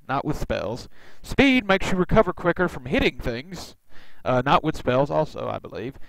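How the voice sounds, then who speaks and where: A man's voice: fairly high pitch, a bit bright, no echo, poor audio. A man hosting a let's play, giving casual gameplay commentary full of rambling, wry asides.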